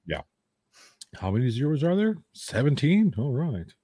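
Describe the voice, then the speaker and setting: Man, casual horror podcast host, animated pitch, dry close sound, jokey. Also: moderate pace, breathy edge, no room sound. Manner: joking, reads chat names aloud, laughs often. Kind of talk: casual live-stream chat.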